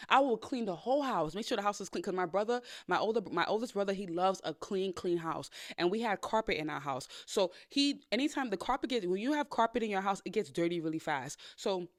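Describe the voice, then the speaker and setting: A woman hosting a podcast, giving candid dating advice in a blunt, sassy, profane big-sister way with animated storytelling. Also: medium pitch, no room sound, clean studio sound. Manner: animated storytelling with playful quoted voices. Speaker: podcast host.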